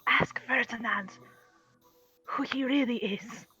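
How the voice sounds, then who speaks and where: A woman voicing a sinister disembodied voice that whispers low and mockingly into the heroes' heads. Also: a little slow, pushed and bright, slightly rough, muffled recording, faint music behind, exaggerated voice. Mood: taunting.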